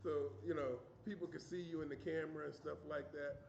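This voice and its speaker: A man's voice: on the high side, steady tone, a little fast, vocal fry, a little mellow, slight background noise. A man hosting a livestream, delivering an angry, profane, emphatic rant. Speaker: livestream host. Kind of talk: heated opinion rant. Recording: roomy, dull sound.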